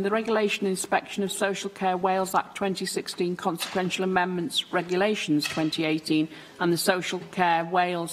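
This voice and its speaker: A woman chairs formal proceedings, calling business in a brisk, procedural way. Her voice sits on the low side. Long reverb from the chamber trails her words, with faint clicks in the background. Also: a little hiss or hum. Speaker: presiding officer. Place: debating chamber.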